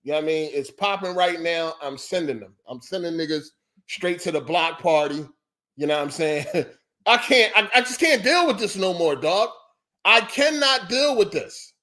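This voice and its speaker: A man's voice: sits high, expressive, normal speed, sharp tone. A man hosting a podcast, ranting in a heated, profane and repetitive way. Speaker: podcast host. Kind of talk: ranting solo podcast monologue.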